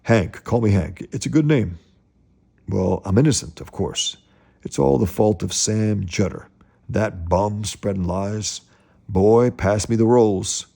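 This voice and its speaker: A man putting on a gruff bullying father. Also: deep voice, fairly even intonation, normal speed, dark tone, exaggerated voice. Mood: blustering. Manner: gruff, hectoring. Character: blustering bullying middle-aged father.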